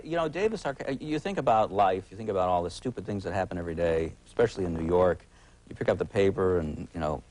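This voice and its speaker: Very deep-voiced wry man in his forties. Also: darkish tone, rough recording. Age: 40s. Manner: halting, wry, full of uh's and restarts. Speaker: TV critic guest. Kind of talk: casual talk-show conversation. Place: TV talk show studio.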